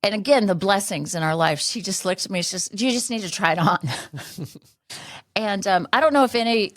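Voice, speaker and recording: Low-voiced rambling woman podcaster. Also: dry recording, clean studio sound. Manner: rambling, with many restarts and fillers. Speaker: podcast host. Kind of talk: candid personal storytelling.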